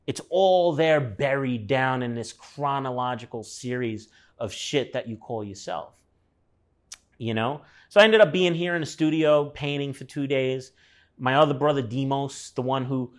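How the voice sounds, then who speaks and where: A man's voice: medium pitch, normal speed. A man in his thirties telling a personal story in a loose, rambling way, with lots of fillers and swearing. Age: 30s. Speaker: artist guest. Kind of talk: casual storytelling conversation.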